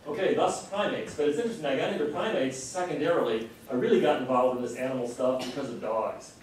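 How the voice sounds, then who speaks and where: A middle-aged man delivers an earnest, impassioned public lecture in a lecture hall, his pace shifting as he goes. His voice is mid-range and fast, and the distant room mic yields a very echoey recording with a little hiss or hum.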